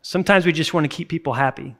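A man's voice: a little high, quick pace, a bit bright. A man in his thirties, a pastor preaching a sermon in a conversational, earnest way, breaking into sudden bursts of emphasis. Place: church service recording.

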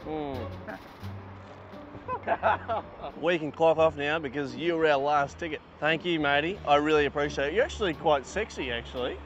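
A man's voice: a little high, moderate pace, long pauses, a bit bright, highs cut off, soft background music. A man pranking drivers as a fake parking inspector, teasing and laughing as he repeats his lines. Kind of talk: prank vlog banter.

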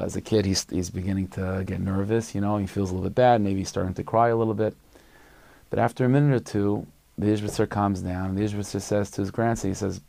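A man's voice: mid-range voice, vocal fry, warm tone, no echo. A man, a rabbi, telling a story in a casual, conversational way with lots of fillers. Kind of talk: storytelling talk.

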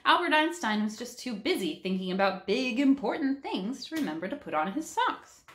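A woman reading aloud and voicing a patient female schoolteacher who explains things calmly. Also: fairly high pitch, moderate pace, voice pushed up. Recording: roomy echo.

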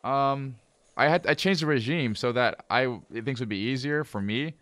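A man chatting casually with viewers while live-streaming a game, calmly planning moves, then breaking into exasperated outbursts. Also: medium pitch, normal speed, dry recording. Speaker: livestreamer playing a management game. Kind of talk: casual live gameplay commentary.

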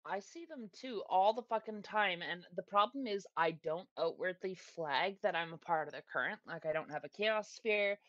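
A woman's voice: lowish voice, animated, normal speed, few pauses, a bit bright, no room sound, muffled recording. A woman guest on a podcast, chatting bluntly and casually and swearing freely.

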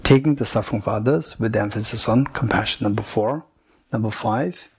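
Buddhist teacher, male, gravelly husky voice, slow deliberate repetition of each teaching point. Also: fairly low pitch. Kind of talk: retreat teaching, paused for interpretation. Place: retreat center teaching room.

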